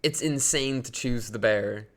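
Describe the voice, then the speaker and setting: A man's voice: medium pitch, unhurried. A man from Sweden, ranting on a live stream in a rambling, indignant way full of fillers. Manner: rambling, indignant, many fillers, bursts louder when outraged.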